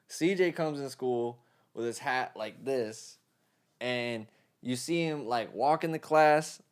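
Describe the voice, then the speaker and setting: A man's voice: medium pitch, clean tone. A young man with a New York accent who mixes songs and chats loosely with viewers on a live stream, swearing freely. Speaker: mixing engineer streaming live. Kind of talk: casual livestream chat.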